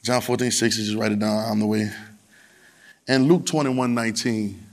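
A man with a fairly low, steady voice preaches a colloquial sermon at normal speed. He repeats phrases and urges the congregation to call back in response.

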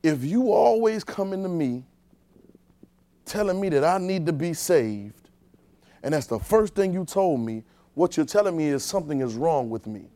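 Guy preaching real conversational, talks right to the crowd, highish voice, dry sound. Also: animated, normal speed, no echo. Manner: informal, talks directly to the congregation, swings between low and loud emphasis. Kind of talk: conversational sermon.

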